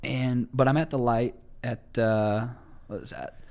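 A young man hosting a podcast, telling casual stories with lively acted-out quotes and casual swearing. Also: mid-range voice, measured pace, gravelly. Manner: animated storyteller, acts out quotes, swears casually. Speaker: podcast host. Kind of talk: casual storytelling chat.

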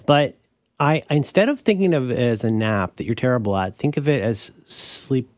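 A man co-hosting a podcast talks in a rambling, self-correcting way, often restarting his sentences. His voice sits at a middle pitch. It was recorded dry and close to the mic. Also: lively intonation, moderate pace, darkish tone, no echo. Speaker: podcast co-host. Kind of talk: casual chat.

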